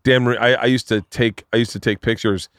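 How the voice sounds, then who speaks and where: A man hosting a podcast, telling long animated stories in casual chat, swearing freely. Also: medium pitch, brisk, dry recording. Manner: animated, profane storyteller doing voices. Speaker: podcast host.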